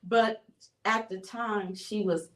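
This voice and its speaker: A woman from Buffalo, New York sharing a personal testimony as an interview guest, telling her story in an animated way with frequent laughs. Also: mid-range voice, takes it slowly. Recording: roomy sound from a distant mic.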